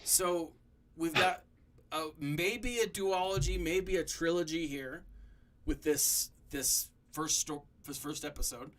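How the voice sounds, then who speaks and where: A young man hosting a casual review chat, animated and laughing, with lots of fillers like "um" and "like". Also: on the high side, takes it slowly. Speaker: podcast host.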